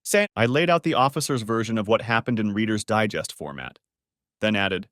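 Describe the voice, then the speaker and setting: A man narrating a first-person story in a steady, even reading. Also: lowish voice, brisk, no echo, studio quality.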